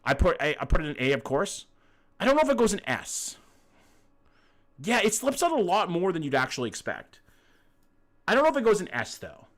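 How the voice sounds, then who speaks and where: A man's voice: high voice, wildly swooping pitch, fairly quick, long pauses. A young Canadian man with a Canadian accent, streaming and chatting casually, blunt and swearing freely while answering his chat.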